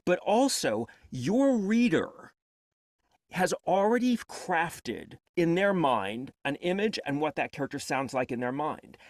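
A man speaks in a quick, rambling flow on a panel about audiobook work, often stopping to restart his sentences. His pitch sits a little high and swings widely. The sound is dry and close. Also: sing-song, dry recording. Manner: rapid, rambling, self-interrupting. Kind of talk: casual panel talk.

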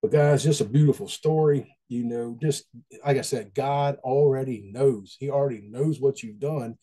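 Folksy man with a mellow voice. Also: mid-range voice, normal speed. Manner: folksy, conversational, repeats phrases. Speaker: Christian devotional speaker. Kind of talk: casual devotional talk.

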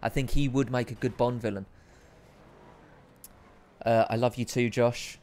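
A man's voice: mid-range voice, fairly even intonation, unhurried, darkish tone. A man hosting a live stream, chatting casually with viewers and reading out their comments, with a rambling, self-deprecating manner.

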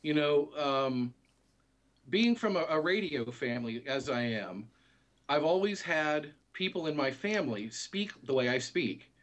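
Male interview guest, slightly high voice, relaxed explanatory delivery. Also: unhurried, highs cut off. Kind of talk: casual interview.

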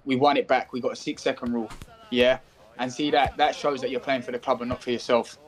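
A man giving his gaming teammates a team talk and barking quick instructions during play. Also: mid-range voice, little pitch movement, rough recording. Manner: rapid, barked coaching calls.

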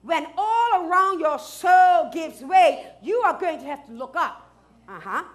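Woman pastor, very high voice, sermon, shifts from soft asides to shouting. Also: lively intonation, measured pace. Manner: swings from hushed asides to loud shouted declarations, laughs often.

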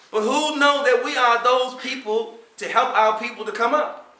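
A high-voiced man preaching a Friday sermon with fervor, firing rhetorical questions and building to near-shouts. His tone is bright and ringing. He is picked up from a distance in an echoing prayer hall. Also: fairly even intonation, fairly quick. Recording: echoey room, voice from far off.

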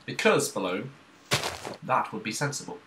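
A man's voice: mid-range voice, sing-song, normal speed, bright, forceful tone, slight background noise. A man chatting casually during a co-op game, jokey and teasing. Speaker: gaming host. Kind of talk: casual gaming chat.

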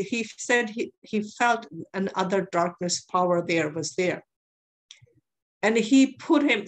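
A woman preaching a sermon, telling a testimony in an earnest way and repeating phrases for emphasis. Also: medium pitch.

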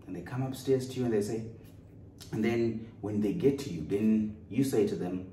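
A man's voice: on the low side, moderate pace, warm tone. A man preaching a sermon with an earnest, storytelling delivery, recorded in a church. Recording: roomy echo, distant mic, faint noise.

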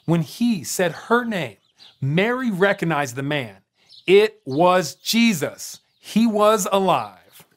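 Guy telling a bible story for kids, lively ups and downs, dramatic pauses. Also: high voice. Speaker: storyteller on a kids' show. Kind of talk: scripted children's Bible narration.

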